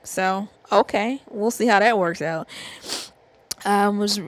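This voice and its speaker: A woman's voice: mid-range voice, slow. Southern woman, casual host, giggly, rambling asides. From American South. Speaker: TV review host. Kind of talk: casual chat.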